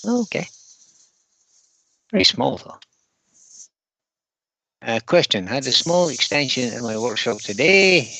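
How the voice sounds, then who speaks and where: A man's voice: mid-range voice, very animated, slow pace, vocal fry, pauses often, bright, forceful tone, no room sound, poor audio. A man hosting a live woodturning stream from his workshop, chatting casually and reading viewer comments aloud. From United Kingdom. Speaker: woodturning livestream host.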